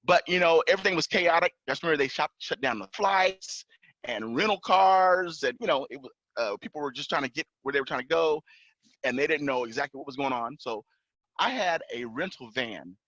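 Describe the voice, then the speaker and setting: Guy telling a story on a podcast, lively up and down voice, kinda dull dry audio. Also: on the high side, normal speed, no echo. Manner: animated, acts out officers' lines in raised voice. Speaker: podcast guest, pilot and entrepreneur. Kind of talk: casual storytelling.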